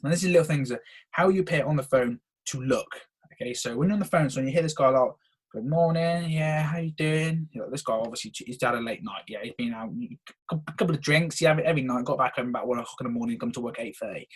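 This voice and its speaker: A man's voice: mid-range voice, very fast, husky. A young man hosting a solo podcast, talking with eager energy and peppering his points with "okay". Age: young adult. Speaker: podcast host. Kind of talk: solo motivational podcast talk.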